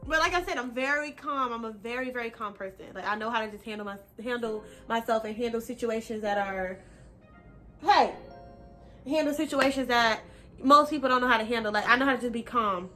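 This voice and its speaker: A young woman casually telling a personal story on her vlog, slangy, animated and now and then profane. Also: a little high, brisk, soft background music. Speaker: vlogger.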